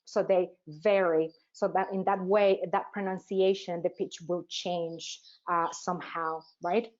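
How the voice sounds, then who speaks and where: A woman teacher trainer presenting a webinar, asking rhetorical questions and pausing often with "uh" fillers. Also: fairly low pitch, fairly even intonation, a little mellow. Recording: dull, lo-fi webinar audio.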